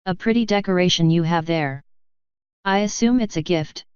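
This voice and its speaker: A woman voicing a calm, contemptuous male courtier who speaks in a cutting tone. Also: fairly low pitch, normal speed, clear, resonant tone, no echo, muffled recording, lightly acted. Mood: cold.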